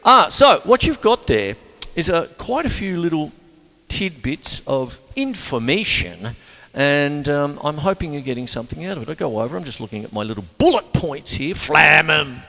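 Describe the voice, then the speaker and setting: A man's voice: a little high, sing-song, normal speed, a bit bright, soft background music. An older man teaching drums in a casual, rambling, jokey way, talking between demonstrations. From Australia. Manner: rambling, jokey, talks between drum demos. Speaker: drum teacher. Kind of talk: casual drum lesson. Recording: reverberant room with drum kit.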